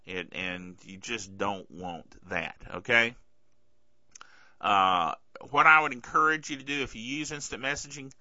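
A man hosting a podcast in a casual, sarcastic tech-news chat, bothered by a sore throat and clearing it often. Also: fairly low pitch, bright, forceful tone, dry recording. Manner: chatty, sarcastic, keeps asking "okay?". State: throat trouble, keeps clearing his throat. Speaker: podcast host. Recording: dull lo-fi dry recording.

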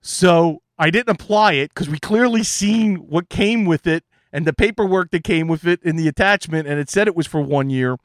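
A man's voice: fairly high pitch, moderate pace, few pauses, no echo, studio quality. A man, an IT consultant, telling an exasperated story in a casual monologue.

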